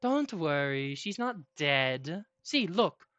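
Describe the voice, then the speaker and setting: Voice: mid-range voice, big pitch swings, slow pace, a bit bright, no room sound, highs cut off. A game master voicing a sly female sorceress who talks in a smug, hesitant drawl.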